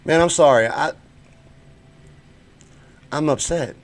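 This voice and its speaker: An American show host runs a heated, profane live-stream rant, speaking slowly. He swings between loud outbursts and low muttering.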